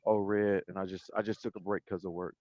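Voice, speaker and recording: A man guesting on a video call, talking casually about his work with halting restarts and laid-back slang. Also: deep voice, little pitch movement, darkish tone, no room sound. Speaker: interview guest, battle rapper and league owner. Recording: dull lo-fi video call audio.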